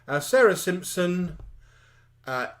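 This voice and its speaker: A man co-hosting a live chat show, greeting viewers by name, calling each one lovely and trailing off softly. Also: sits high, very animated, slow.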